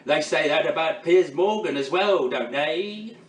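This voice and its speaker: A man's voice: fairly high pitch, lively intonation, a little slow, roomy sound, distant mic, low-quality recording. A man playing a posh, put-upon business mogul who answers dryly in a comedy sketch.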